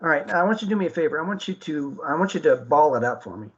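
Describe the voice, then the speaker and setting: A man's voice: on the high side, expressive, rapid-fire, lo-fi sound, slight background noise. A man hosting an internet radio talk show, speaking earnestly with many fillers and restarts.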